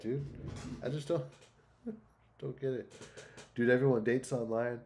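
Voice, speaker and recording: A man chats casually while reacting to videos on a stream. His voice is mellow and warm, and he talks bluntly and crudely, swearing often. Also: mid-range voice, steady tone, unhurried, pauses often.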